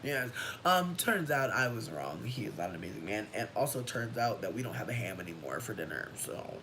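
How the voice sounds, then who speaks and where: A man's voice: sing-song, a little fast, fairly bright tone, rough recording. A man casually telling a personal story to his livestream viewers, sassy and dramatic, with slangy asides. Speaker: livestream host. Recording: low rumbling background noise.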